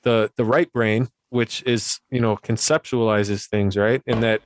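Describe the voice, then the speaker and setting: A man's voice: lowish voice, fairly even intonation, a little slow, a little hiss or hum. A man in a casual conversation, talking in an easygoing, agreeable way with frequent restarts. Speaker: podcast guest or host.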